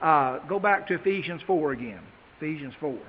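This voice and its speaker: A man preaching a sermon, reading scripture slowly with emphasis and then talking plainly to his congregation. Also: on the high side, expressive, slight background noise. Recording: dull, echoey hall.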